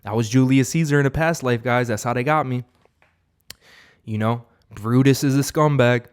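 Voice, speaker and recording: A man's voice: mid-range voice, moderate pace, smooth. A young man giving an unscripted, profane motivational monologue as a vlogger, rambling with many fillers and restarts.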